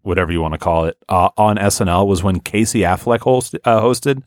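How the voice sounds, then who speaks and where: A man with a fairly low voice, hosting a podcast in loose, rambling chat full of fillers and the odd swear. The recording is dry and close, with little room sound. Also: fairly quick, no echo. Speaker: podcast host. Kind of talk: casual chat.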